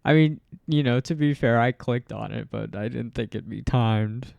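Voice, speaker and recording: A man's voice: medium pitch, steady tone, normal speed, creaky, darkish tone, no echo. A man giving casual let's-play commentary, thinking aloud, rambling and self-deprecating, often laughing at himself. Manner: thinks aloud while playing. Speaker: gameplay streamer.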